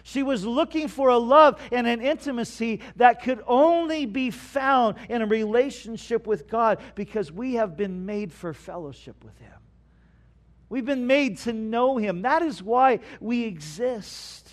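A man preaching a sermon, reading scripture aloud and explaining it earnestly, swinging between loud stresses and hushed asides. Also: extremely high pitch, measured pace. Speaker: pastor.

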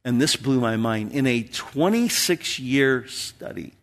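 A pastor in his fifties preaches with earnest conviction. His voice sits at an ordinary middle pitch for a man. He pushes hard on key phrases, then drops almost to a whisper. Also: expressive, a little slow. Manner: earnest, swings between loud emphasis and near-whispers. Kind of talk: sermon.

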